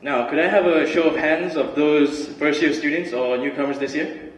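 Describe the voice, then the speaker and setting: A man's voice: on the high side, normal speed, slight background noise. Young man talking in an echoey hall. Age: young adult. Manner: relaxed, chatty, many fillers and restarts. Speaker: student speaker. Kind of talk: casual student talk and spoken word. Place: large hall. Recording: roomy hall recording from far off.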